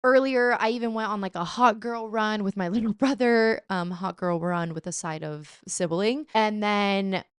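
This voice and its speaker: A young woman vlogging in a chatty, animated, self-mocking way, sometimes slipping into playful put-on voices. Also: mid-range voice, moderate pace, hardly any pauses, smooth, dry recording, studio quality. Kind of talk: casual chat.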